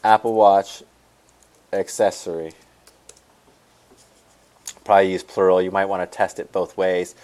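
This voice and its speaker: A man's voice: low voice, level tone, a little slow, long pauses, darkish tone, clean tone. A man teaching an online selling lesson over a screen share. He rambles and repeats himself as he talks the viewers through it. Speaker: online store coach.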